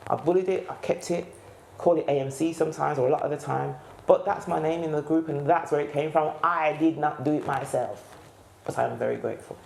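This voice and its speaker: A woman's voice: low-pitched, fairly quick, gravelly, a little hiss or hum. A woman with a Birmingham accent, a gospel choir leader telling stories in an interview and acting out the voices she quotes. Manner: animated, acts out quoted voices. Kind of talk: storytelling interview. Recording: echoey room.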